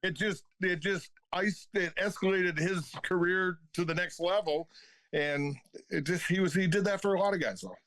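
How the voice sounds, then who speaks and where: A man's voice: sits high, moderate pace, fairly bright tone, no echo. A man in his fifties, a retired hockey enforcer, telling stories as a podcast guest with plenty of swearing and laughter. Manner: profane, laughing anecdotes. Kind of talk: casual storytelling.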